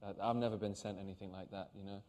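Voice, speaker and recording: A man, an actor, talking earnestly and haltingly in an interview on stage, with many restarts. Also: lowish voice, fairly even intonation, dark tone, in a large hall, a little hiss or hum. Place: on a stage before an audience.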